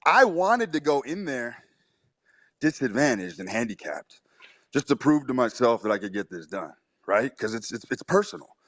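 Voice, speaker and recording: A man's voice: medium pitch, fairly bright tone, dry recording. A man speaks with brash, emphatic swagger and swears freely. He tells his story in a cocky, punchy way. The sound is close and dry, with no room around it. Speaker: host. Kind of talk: storytelling on a live audio chat.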